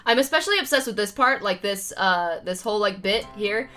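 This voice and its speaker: A woman's voice: mid-range voice, fairly quick, bright, forceful tone, soft background music. A young American woman chatting casually with viewers on a livestream, rambling with lots of fillers. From United States.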